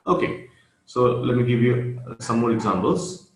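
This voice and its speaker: A man giving an online grammar lesson, speaking slowly and repeating key phrases with pauses. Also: medium pitch, lively intonation. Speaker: grammar teacher. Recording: roomy echo with faint noise.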